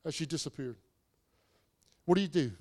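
A man in his forties delivers a sermon with a noticeably high voice. He talks in a loose, storytelling way, restarting phrases and slipping in self-deprecating asides. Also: moderate pace, a little mellow. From England. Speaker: pastor.

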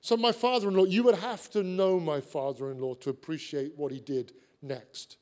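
High-voiced male preacher telling a story. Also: moderate pace. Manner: earnest, animated storyteller with repeated phrases. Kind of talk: sermon with storytelling.

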